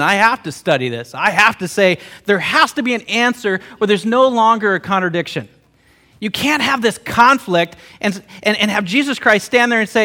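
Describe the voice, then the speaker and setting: A man's voice: high voice, sharp tone. A man, a pastor and theologian, preaching an emotional storytelling sermon, often stumbling into repeated words.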